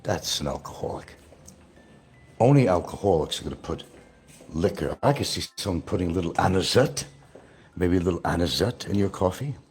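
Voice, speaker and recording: A man's voice: deep voice, expressive, brisk, darkish tone, husky. Brash, taunting man ranting on a livestream. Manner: brash, taunting, trash-talking. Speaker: livestream host. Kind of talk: rambling livestream rant.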